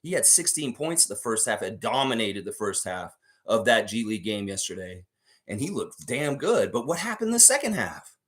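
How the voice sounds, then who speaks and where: A man's voice: on the low side, big pitch swings, moderate pace, fairly bright tone. A man hosting a livestream sports show, ranting heatedly and profanely at a coach with pointed rhetorical questions. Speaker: sports channel host. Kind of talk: livestream sports commentary rant.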